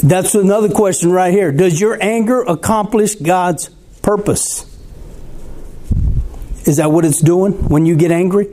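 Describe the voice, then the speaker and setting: A man preaches a sermon in a high but mellow, dark-toned voice. He talks conversationally, asking the congregation questions and waiting for their reply. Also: a little slow, pauses often.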